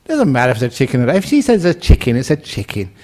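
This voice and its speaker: A fast-talking British man in his sixties, a Buddhist monk, gives a dharma talk in a mid-range voice. Animated in his storytelling, he acts out voices and laughs at his own jokes.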